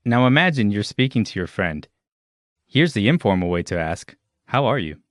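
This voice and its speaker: A man narrating a scripted language lesson in a clear, measured way. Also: fairly low pitch, very animated, no room sound, studio quality. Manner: clear, measured instructional delivery.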